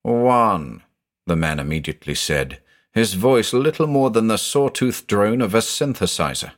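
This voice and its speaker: A man narrating a scripted audio mystery drama in a dramatic, expressive storytelling manner. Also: fairly low pitch, moderate pace.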